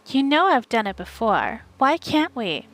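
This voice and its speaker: A woman reading an audiobook, voicing a pushy, self-absorbed rich young woman in a slow drawl. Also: fairly high pitch, sing-song, fairly bright tone, voice pushed up, poor audio.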